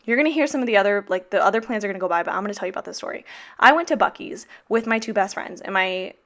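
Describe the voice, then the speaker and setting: A woman's voice: mid-range voice, animated, rapid-fire, a bit bright. A young woman talking through her planner in a casual vlog, blunt and heavily profane. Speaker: teacher vlogger. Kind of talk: casual plan-with-me vlog chat.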